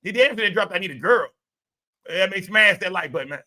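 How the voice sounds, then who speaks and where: A man hosting a livestream, loud and profane, reacting to his chat in casual commentary. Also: high-pitched, expressive, quick pace. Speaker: livestream host.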